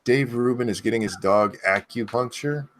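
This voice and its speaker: A man's voice: medium pitch, moderate pace, a bit bright. A man hosting a casual online chat show, loose and rambling, thanking his audience and co-hosts. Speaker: podcast host.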